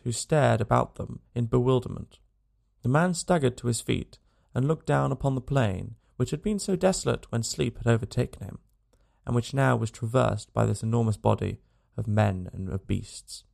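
A man narrating an audiobook in a measured storytelling manner. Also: medium pitch, gravelly, a little mellow. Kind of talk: scripted narration.

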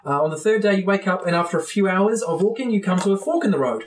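A woman's voice: medium pitch, expressive, fast, a little hiss or hum. A woman narrating as game master, chatty and hesitant with fillers.

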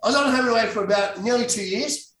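A man's voice: extremely high pitch, quick pace, a bit bright. A middle-aged man from Australia, a guest telling stories in a casual interview, rambling with many restarts and self-corrections. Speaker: guest, actor. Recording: roomy echo, distant mic.

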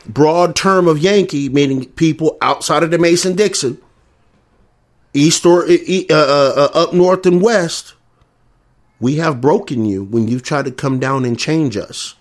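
A man with a Southern US accent delivering a combative, profane, repetitive rant. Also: a little high. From American South. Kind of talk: ranting monologue.

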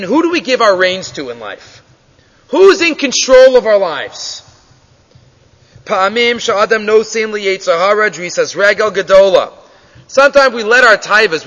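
A man's voice: high-pitched, pushed and bright. A man teaching a Torah class. He reads each Hebrew line of a story and then explains it in English, acting out the people in it. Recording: dull lo-fi audio with long reverb.

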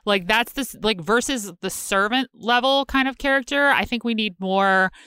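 A woman's voice: a little high, moderate pace, sharp tone, clean tone, no room sound. A woman co-hosting a podcast in casual chat, rambling and wry, often breaking off mid-sentence. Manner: rambling, self-interrupting, wry. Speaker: podcast co-host.

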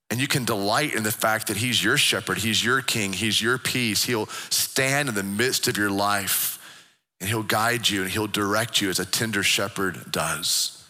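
A man preaching a sermon as pastor, earnest, repeating and restarting phrases, slowing down for emphasis. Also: mid-range voice, bright, forceful tone, big-room sound. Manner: earnest, repetitive, stammering restarts, slows for emphasis.

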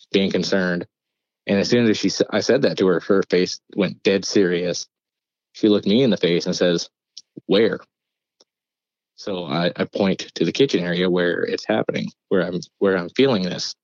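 A man's voice: low-pitched, darkish tone, no room sound, dull audio. A man, a podcast guest, telling a story casually with loose swearing and rambling asides. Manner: swears freely, rambling retelling.

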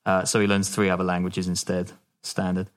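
A laid-back man with a fairly low voice, casually walking a friend through a story. He laughs easily and drops the odd swear word, keeping things loose and conversational. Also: completely flat delivery, a little fast. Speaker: podcast co-host.

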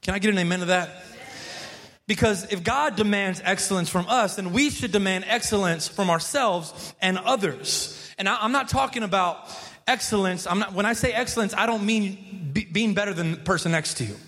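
A man's voice: high voice, moderate pace, bright, forceful tone. A man preaching a sermon as pastor, in a loose, conversational way, often restarting and repeating words and prompting the congregation to respond. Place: church sanctuary. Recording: long hall reverb.

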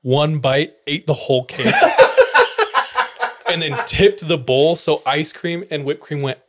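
A man's voice: fairly high pitch, fairly even intonation, normal speed, a little hiss or hum. A young man, a podcast host, telling a funny personal story in casual chat, laughing often and swearing freely.

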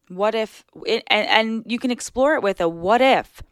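A woman's voice: medium pitch, lively intonation, brisk, few pauses, clear, resonant tone, dry recording. Earnest woman podcaster, dry close sound. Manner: earnest, reflective, coaching listeners. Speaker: podcast host. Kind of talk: casual solo podcast talk.

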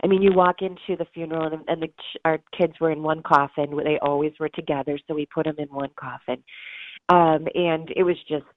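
A low, steady-toned woman's voice moves briskly through an emotional story, with a little hiss or hum on a tinny, phone-like line. She is a middle-aged bereaved mother and author interviewed as a guest, earnest throughout, imitating quoted voices and laughing through tears.

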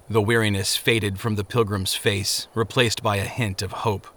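A man narrating an audiobook chapter with expressive, vivid storytelling. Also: lowish voice, moderate pace, hardly any pauses.

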